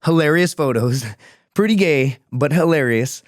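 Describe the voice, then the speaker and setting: Profane, animated man telling war stories. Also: on the high side, moderate pace, dry recording, clean studio sound. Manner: profane, animated, acts out quoted voices. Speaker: podcast guest. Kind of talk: casual storytelling. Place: podcast studio.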